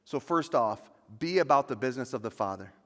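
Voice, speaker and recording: A male pastor preaching a sermon, building to loud, emphatic peaks on dramatic lines. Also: medium pitch, expressive, brisk. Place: church sanctuary. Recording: long church reverb.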